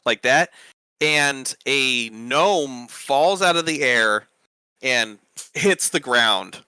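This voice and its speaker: Game master, male, very bright tone, rambling casual narration, dry close mic. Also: mid-range voice, lively intonation, very slow, smooth, no room sound. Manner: rambling, many fillers.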